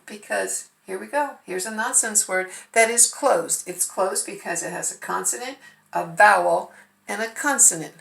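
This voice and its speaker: A woman's voice: medium pitch, moderate pace, gravelly, fairly bright tone. Woman, first grade teacher, phonics lesson, patient, sounds out syllables, echoey room. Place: home.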